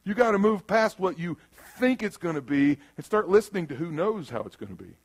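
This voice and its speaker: Guy preaching in church, kinda high voice, gets loud then real quiet, acts out little quotes. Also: sing-song, a little fast. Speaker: pastor. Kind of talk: sermon. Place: church room.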